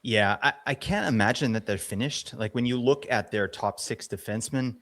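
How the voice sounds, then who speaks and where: A man's voice: mid-range voice, moderate pace, fairly bright tone. Playful jokey man co-hosting. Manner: playful, jokey, stammers a little. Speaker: podcast co-host. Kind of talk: casual podcast banter.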